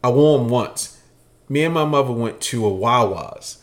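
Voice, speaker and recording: A man's voice: medium pitch, normal speed. A young man co-hosting a casual sneaker podcast, telling stories with lots of slang and swearing and acting out the voices. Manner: animated storyteller, acts out voices; profane, slangy. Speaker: podcast co-host. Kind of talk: casual chat.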